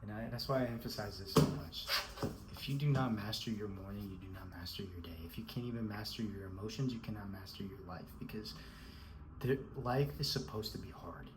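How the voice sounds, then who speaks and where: A man's voice: fairly low pitch, brisk, very noisy. A man giving a scolding, emphatic motivational rant, repeating himself and calling the listener bro. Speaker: motivational speaker.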